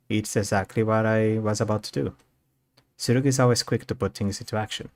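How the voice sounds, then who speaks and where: A man on stream reads a visual novel aloud, pausing to comment on the characters. His voice is lowish and darkish in tone, and he speaks fast.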